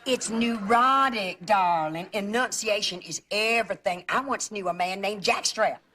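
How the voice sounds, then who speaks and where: An actress playing a gossipy, nonstop-talking middle-aged aunt, in a sitcom. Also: female voice, medium pitch, normal speed, close to an everyday voice. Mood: chatty. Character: gabby meddling Southern aunt, middle-aged woman. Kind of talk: sitcom acting. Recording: noisy TV broadcast audio.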